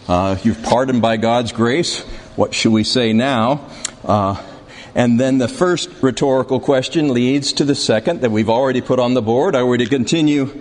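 A man teaching a Bible class, speaking deliberately and putting questions to his students in a room with a board. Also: mid-range voice. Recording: reverberant hall, faint background noise.

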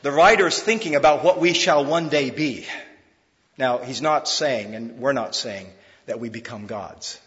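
A man preaching a sermon in an emphatic, conversational way, swinging between loud, pressing lines and hushed ones, with frequent fillers. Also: mid-range voice, a little slow, long reverb tail, highs cut off. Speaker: pastor.

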